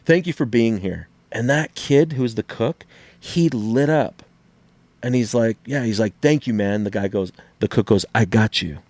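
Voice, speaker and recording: Animated middle-aged man telling stories. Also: lowish voice, normal speed, no echo. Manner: animated storyteller, acts out quotes, swears freely. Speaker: podcast co-host. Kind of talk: casual chat.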